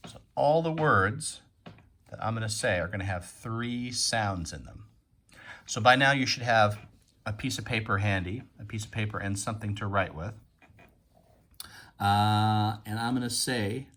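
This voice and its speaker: A man's voice: lowish voice, fairly bright tone. A man teaching a phonics lesson to young children, patiently sounding out and repeating words.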